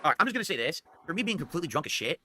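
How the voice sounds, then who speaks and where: A man's voice: fairly high pitch, sing-song, very fast, bright, forceful tone, dry recording. A man streaming live, talking casually in a rambling, self-justifying way about his own past videos. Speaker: streamer reacting to a documentary. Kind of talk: casual livestream talk.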